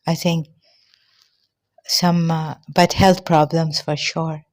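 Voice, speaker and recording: A woman giving an earnest personal monologue, short of breath, halting and often trailing off softly. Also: low voice, little pitch movement. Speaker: vlogger.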